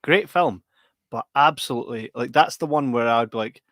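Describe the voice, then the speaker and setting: A man's voice: mid-range voice, fairly bright tone, no room sound. A man, co-hosting a podcast in sweary, jokey casual chat. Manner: sweary, banterous, quick storytelling. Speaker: podcast co-host.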